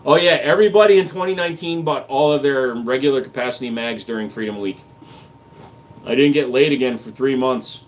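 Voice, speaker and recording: A man's voice: medium pitch, fairly quick. A man hosting a livestream, reading chat comments aloud and answering with crude jokes and casual gun talk. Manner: crude joking banter, reads comments aloud.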